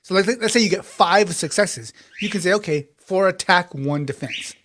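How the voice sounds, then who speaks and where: A man's voice: high voice, normal speed, fairly bright tone, slight background noise. A man narrating loosely as game master, chatty and full of fillers. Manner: loose, chatty scene-setting with many fillers.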